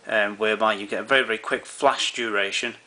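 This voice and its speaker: A quick-paced man with a fairly low pitch, steady tone and sharp quality explains camera settings step by step as a tutorial presenter. His delivery is easygoing, peppered with fillers and restarts.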